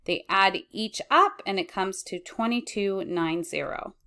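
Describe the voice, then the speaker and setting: A woman teaching accounting, reading lecture slides in a measured way and correcting herself as she goes. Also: medium pitch, bright, forceful tone. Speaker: accounting instructor.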